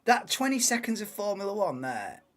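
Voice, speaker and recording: A man's voice: high-pitched, wildly swooping pitch, normal speed. A man hosting a live watchalong, casual banter-heavy commentary that swears and laughs at his own jokes.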